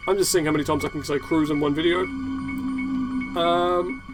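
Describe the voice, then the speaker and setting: A young man rambles through gameplay commentary. He swears freely and stays sardonic as he drifts from topic to topic. His voice sits slightly high, and game music plays clearly beneath it. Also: steady tone, normal speed, low-quality recording. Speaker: gaming YouTuber. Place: hot room indoors.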